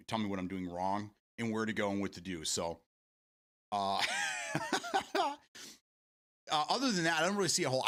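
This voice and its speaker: Male streamer, loose chatty delivery with frequent laughter and cursing; bright, forceful tone with lively pitch. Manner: laughs often, swears freely, talks to chat. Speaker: game streamer. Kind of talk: casual live-stream chat.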